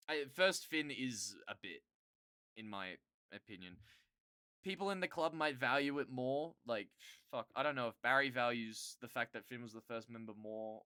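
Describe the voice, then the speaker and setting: Streamer, casual chat with viewers, profane, rambling, bright voice, dry close sound. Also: mid-range voice, clear, resonant tone, no echo. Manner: rambling, profane, quickly gets worked up and loud.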